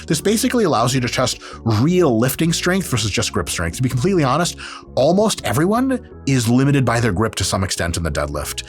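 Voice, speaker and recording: A man in a mid-range voice riffs through casual video commentary, sarcastic and quick with a joke. He swears freely and keeps it loose. Faint music runs under him. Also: mid-range voice, wildly swooping pitch. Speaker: exercise scientist host.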